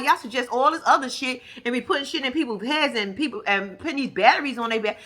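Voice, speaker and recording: A woman with a high, bright voice tells a story in a casual vlog. Her pitch swings widely as she acts out each person's lines, and she swears freely. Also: fast talker. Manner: animated, profane, acts out others' lines. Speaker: storyteller recounting a reality-show shoot.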